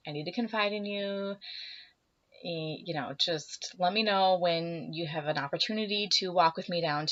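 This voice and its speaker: A young woman chats to her camera, telling a personal story and acting out both sides of a conversation, sometimes dropping into whispers. She sounds a little emotional and teary. The recording is slightly dull and lo-fi. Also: on the low side. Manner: animated, acts out dialogue, drops to whispers. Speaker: vlogger.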